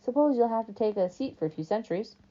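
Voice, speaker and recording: A woman voicing a smooth, greedy male ferryman of the dead, with a put-on British-like accent, drawling sweetly and coldly. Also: a little high, expressive, fast, mellow. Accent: put-on British-like accent, as a second language. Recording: dull lo-fi recording.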